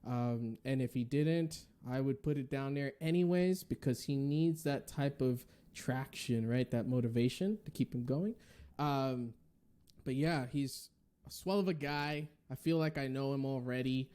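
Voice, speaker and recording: Guy from the northeast hosting a podcast, mellow tone, all fired up, lots of ums. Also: medium pitch, a little slow, clean tone. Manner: enthusiastic, gives blessings, many fillers. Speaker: podcast host. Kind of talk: casual interview chat.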